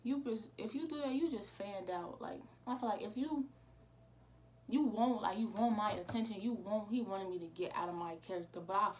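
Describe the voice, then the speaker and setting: A woman's voice: medium pitch, moderate pace. A teenage girl, casually telling a storytime vlog with lots of quoted dialogue. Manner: animated retelling with quoted dialogue. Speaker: vlogger.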